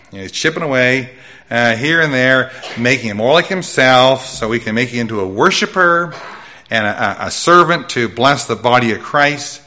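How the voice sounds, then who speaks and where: A middle-aged man preaching his life testimony with a loud voice, telling his story with lively jumps in pitch. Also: muffled recording. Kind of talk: testimony sermon.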